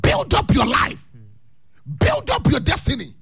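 A man's voice: extremely high pitch, huge pitch swings, unhurried, creaky, a bit bright, faint music behind. A man preaching a radio sermon, switching between languages and chanting lines for his listeners to repeat. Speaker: radio pastor. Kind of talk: radio sermon with call and response.

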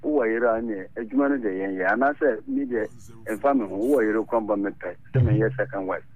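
A man calling in to a radio show, giving animated advice and switching between his local language and English. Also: lowish voice, a little fast, dry recording. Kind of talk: radio call-in talk. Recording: lo-fi radio broadcast.

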